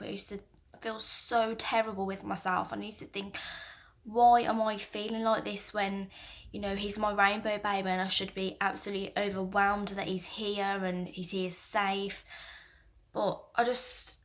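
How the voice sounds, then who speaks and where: Woman, 20s, vlogger mum; flat, halting, soft confessional delivery, near tears. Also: mid-range voice. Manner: halting, soft-spoken, with frequent restarts and fillers. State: emotional, near tears at times. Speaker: mother and vlogger. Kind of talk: candid personal talk to camera.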